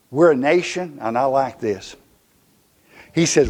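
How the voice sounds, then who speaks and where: A male pastor with a Southern US accent preaching a fiery, emphatic sermon in a church, swinging from loud to hushed. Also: medium pitch, expressive, a little slow, pauses often.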